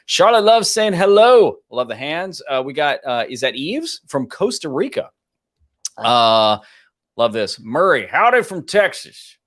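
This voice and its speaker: A man's voice: fairly high pitch, big pitch swings, unhurried, fairly bright tone. A man hosting a live stream from his home office studio, chatting casually and greeting viewers by reading out their comments. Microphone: home office studio mic.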